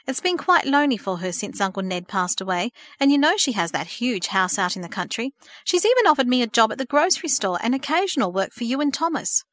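A woman's voice: a little high, very animated, fast, a bit bright, pitched above the performer's own voice. A woman voicing a weary, struggling single mother in a storybook reading. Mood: hopeful. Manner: earnest, pleading.

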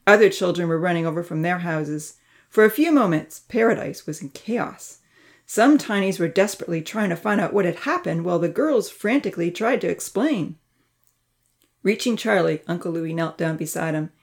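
A woman narrates a children's storybook with a somewhat low voice. She reads in an expressive storytelling manner, raising her pitch for the characters' dialogue. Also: normal speed.

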